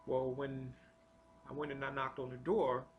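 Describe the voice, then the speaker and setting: A man telling a personal spiritual testimony in an earnest, confessional way, halting and often repeating his words. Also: mid-range voice, level tone, lo-fi sound, slight background noise. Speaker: storyteller sharing a personal testimony.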